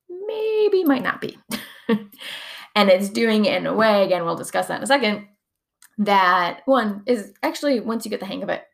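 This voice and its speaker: A woman's voice: mid-range voice, creaky. A young adult woman explaining somatic coaching techniques in a chatty, casual teaching talk, full of fillers and frequent laughs.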